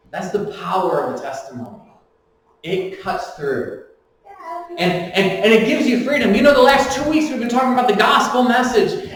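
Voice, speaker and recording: A high-pitched male pastor preaches in a church sanctuary, his voice set back from the mic and ringing off the walls. He mixes jokes into the message and takes on the voices of the people in his story, now and then half-shouting. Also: very echoey, far from the mic, low-quality recording. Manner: animated and joking, voices the speakers in the story. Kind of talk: sermon.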